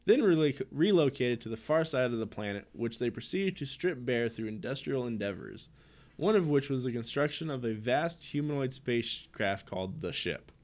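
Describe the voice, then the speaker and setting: A man's voice: mid-range voice, lively intonation, normal speed, darkish tone. Wry young man reading aloud. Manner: wry, chuckles at odd names. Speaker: podcast co-host. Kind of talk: casual chat, reading a comic summary aloud.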